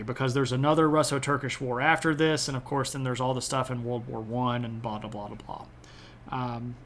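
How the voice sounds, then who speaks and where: Chatty man explaining history, slightly high. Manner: relaxed, chatty, frequent "uh" and "um" fillers. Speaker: history streamer. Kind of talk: casual history lecture. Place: home streaming setup.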